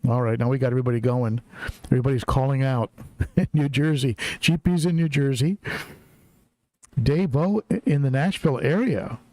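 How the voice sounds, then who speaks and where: A chatty middle-aged man hosting a casual live stream, reading out viewers' names one after another. His voice sits at an ordinary male pitch, and the recording is dry and close, with no room sound around it. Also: moderate pace, long pauses, mellow, no room sound. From Southern California. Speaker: livestream host. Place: home, in Tennessee.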